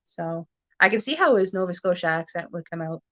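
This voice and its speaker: A woman from Ontario with a Canadian accent hosts a livestream from home, her fairly low voice lively and fairly quick. She rambles casually and laughs often, filmed by a camera on a stand.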